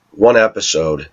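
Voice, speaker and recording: A man talking to his viewers in a long personal monologue, aggrieved and telling his side, often clearing his throat. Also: sits low, pushed and bright. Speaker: vlogger addressing viewers. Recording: slightly dull lo-fi recording.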